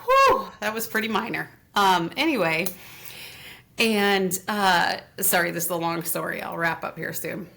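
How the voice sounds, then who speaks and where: A woman guest in an interview, telling a long personal story in a casual, animated way with frequent laughs. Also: lowish voice, a little slow, vocal fry. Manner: animated, laughs often, acts out what others said. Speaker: interview guest, Reiki teacher.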